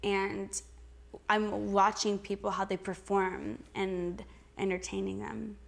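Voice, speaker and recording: A woman's voice: medium pitch, little pitch movement, slow, vocal fry. A young adult woman answering interview questions in a chatty, giggly way, full of "like" and restarts. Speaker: interview guest.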